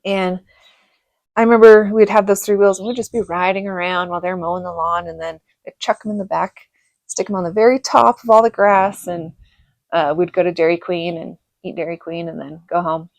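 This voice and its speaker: A middle-aged woman from Reno telling rambling stories about her childhood, laughing often and filling pauses. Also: lowish voice, steady tone, gravelly, no echo. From Reno, Nevada. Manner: rambling, chatty, laughs often, many fillers. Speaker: vlogger. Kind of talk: casual storytelling monologue.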